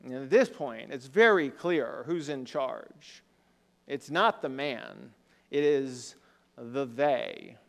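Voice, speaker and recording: With a gravelly, mid-range voice and a slow delivery, this pastor preaches in a conversational manner, regularly tossing rhetorical questions to the congregation. The recording carries a long hall reverb.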